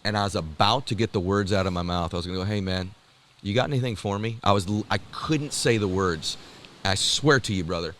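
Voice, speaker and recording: A man telling a personal story in an animated, excited way, laughing and calling the listener brother and dude. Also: on the low side, brisk, a little hiss or hum.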